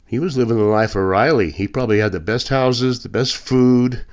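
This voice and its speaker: A man's voice: medium pitch, moderate pace, a little mellow. A man delivering a blunt, indignant opinion monologue as a podcast host, with sarcastic asides. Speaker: political commentator.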